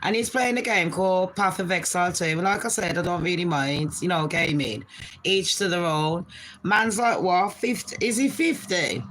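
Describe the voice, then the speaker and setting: Fast-talking, sweary British woman. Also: on the low side, fairly bright tone, a little hiss or hum, poor audio. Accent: British English. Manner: fast, sweary, chatty, addresses viewers as babes. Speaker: live-stream host. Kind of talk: casual live-stream chat. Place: her bedroom.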